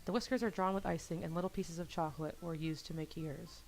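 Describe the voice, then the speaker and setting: A woman's voice: lowish voice, steady tone, fast, gravelly, hardly any pauses, poor audio. A young woman gaming youtuber reading a visual novel aloud in a casual first-person narration, at a desk mic at home.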